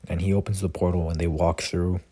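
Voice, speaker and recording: A man's voice: deep voice, level tone, fairly quick, warm tone. A young man casually improvising a fan story as a narrator, rambling with lots of "like" and self-corrections.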